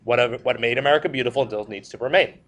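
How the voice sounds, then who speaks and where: A man's voice: medium pitch, fast talker, fairly bright tone. A male history teacher giving a classroom lecture. He tells stories with jokes and puts questions to the class. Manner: joking, storytelling, asks the class questions.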